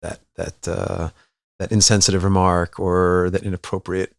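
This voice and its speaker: A man who is a rabbi, a podcast guest telling a story in an animated way and acting out voices. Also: low voice, normal speed, creaky, no echo. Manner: animated, acts out voices, many restarts. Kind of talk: conversational storytelling.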